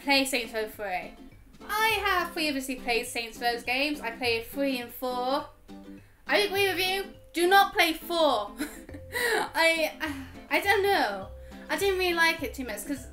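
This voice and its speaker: A woman's voice: high-pitched, pushed and bright. A woman gaming YouTuber chatting casually through viewer questions, giggling often and filling with ums. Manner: chatty, giggly, frequent laughs and fillers. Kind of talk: casual Q&A vlog chat.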